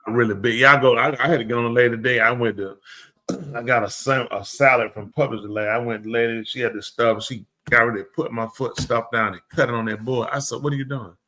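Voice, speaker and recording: A man's voice: mid-range voice, fast. A man, telling stories in a casual chat and acting out the quoted exchanges. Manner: animated, acts out quoted exchanges. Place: live show studio.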